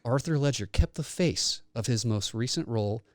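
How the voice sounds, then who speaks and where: A man's voice: medium pitch, lively intonation, normal speed, no echo, studio quality. A young man co-hosting a podcast, joking around and reading a silly backstory in a playful way. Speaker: podcast co-host. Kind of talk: casual chat, reading a made-up backstory.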